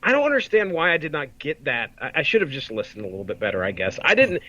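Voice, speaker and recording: Male podcast co-host, casual rambling storyteller, slightly high voice, close and dry. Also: sing-song, quick pace, sharp tone, dry recording, lo-fi sound. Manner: rambling retelling, swears and laughs freely. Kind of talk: casual chat.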